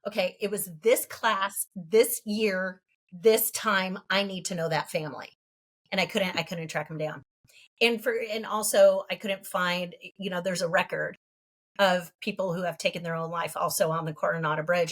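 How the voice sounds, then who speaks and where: A woman in her fifties from California, a podcast guest telling a personal story in an earnest, halting way and laughing between thoughts. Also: medium pitch, a bit bright. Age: 50s.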